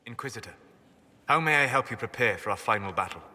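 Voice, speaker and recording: A man's voice: medium pitch, animated, fast talker, bright, forceful tone. A man voicing a grave, aloof male elf mage in a video game, formal and restrained.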